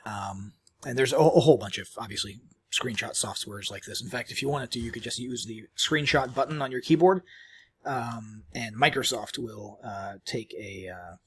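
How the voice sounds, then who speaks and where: Husky man talking through a tutorial. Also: mid-range voice, moderate pace, fairly bright tone. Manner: casual, rambling, lots of ums and restarts. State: chewing while talking. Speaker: tutorial presenter. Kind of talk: screen-recorded software tutorial.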